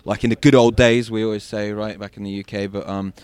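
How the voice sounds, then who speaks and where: A man's voice: fairly low pitch, flat delivery, quick pace, darkish tone, clear, resonant tone, no echo. A man with an English accent, a guest journalist chatting casually in a roundtable over a video call, with many fillers and restarts. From England.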